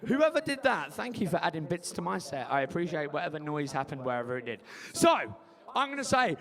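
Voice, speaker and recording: Man, comedy host, high voice, big swings in pitch, crude crowd banter, student bar. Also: big pitch swings, a little fast, fairly bright tone. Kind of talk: stand-up compering.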